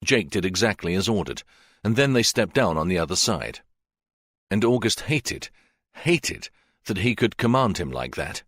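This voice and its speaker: A man with a low voice narrates a fiction audiobook, steady and measured, letting his pitch rise and fall expressively. The recording is dry and close to the mic. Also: no room sound. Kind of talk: scripted narration.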